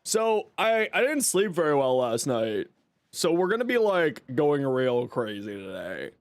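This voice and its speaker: A man's voice: a little high, unhurried, no echo, clean studio sound. A man live streaming a game, chatting casually with viewers and greeting them by name while he eats breakfast. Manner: greets chat by name, lively and upbeat; eating while talking.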